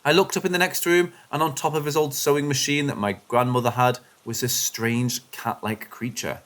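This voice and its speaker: A man giving scripted, expressive narration of first-person paranormal stories, shifting his delivery with the suspense. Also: mid-range voice, normal speed. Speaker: story narrator.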